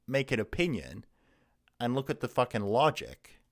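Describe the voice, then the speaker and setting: A man's voice: fairly low pitch, lively intonation, moderate pace. A young man ranting angrily in a profane, heated vlog. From Canada. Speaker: vlogger. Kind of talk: angry political rant.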